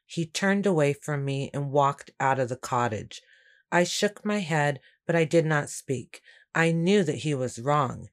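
A woman reading a first-person story aloud in a steady, measured way. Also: sits low. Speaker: audiobook narrator. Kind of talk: first-person scripted narration.

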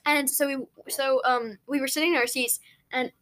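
A woman's voice: high voice, a little fast, a bit bright. A young woman co-hosting a podcast, rambling through school stories in casual chat and giggling often. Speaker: podcast co-host.

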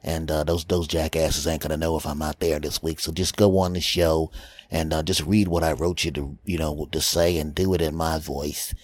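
A man voicing a gruff, rude hired male impressionist who insults the audience in a comedy podcast sketch. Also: a bass voice, flat delivery, moderate pace, no room sound, voice pushed down. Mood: surly. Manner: surly and dismissive.

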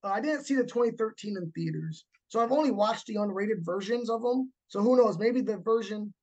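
A man hosting a casual horror podcast chat, animated and quick to act out scenes he describes. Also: high-pitched, lo-fi sound. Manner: animated, acts out movie moments with laughs. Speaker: podcast host.

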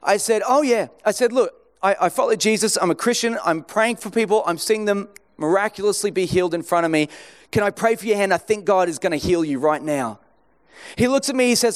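A man preaching a sermon, telling a personal story and acting out both sides of a conversation. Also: fairly quick. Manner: acts out dialogue in anecdotes, pitch swings.

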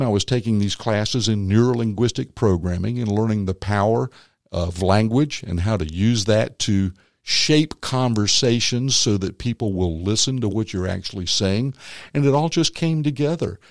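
A man, a former magician and comedian turned minister, tells his faith story as an interview guest, animated and acting out the voices of others. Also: fairly low pitch, no echo, clean studio sound. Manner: animated storyteller who acts out quotes. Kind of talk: personal faith testimony in conversation.

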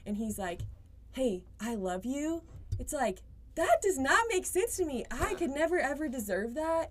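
A woman's voice: mid-range voice, a little mellow. A young adult woman, a podcast guest, speaking earnestly in casual faith conversation and often saying "like". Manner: earnest, lots of "like" fillers.

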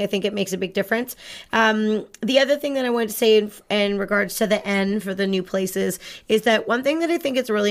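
A woman dog trainer talks through training tips in a chatty, upbeat manner. Her voice sits at an ordinary middle pitch. She explains things plainly, like a friendly instructor on a podcast.

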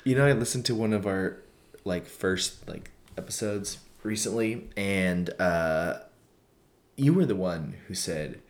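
A young man hosts a casual podcast with a slightly low voice. He jokes around and laughs a lot as he talks. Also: measured pace. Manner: jokey, laughs often. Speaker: podcast host. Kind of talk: casual chat.

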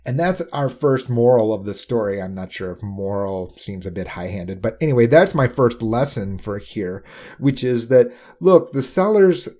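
A man explaining insurance pricing in a quick, emphatic talk, often tossing in rhetorical "right?" asides. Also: medium pitch, expressive, darkish tone.

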